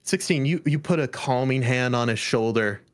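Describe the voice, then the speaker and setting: A man narrating as game master in a tabletop game, in a halting way with many restarts. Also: medium pitch. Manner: halting, full of fillers and restarts, chuckling.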